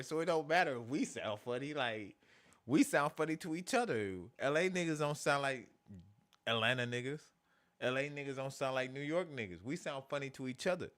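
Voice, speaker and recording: A man's voice: medium pitch, a bit bright. American male streamer, casual rambling reaction commentary. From United States. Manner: loose, rambling, heavy filler "like" and "bro". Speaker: streamer reacting to rap videos.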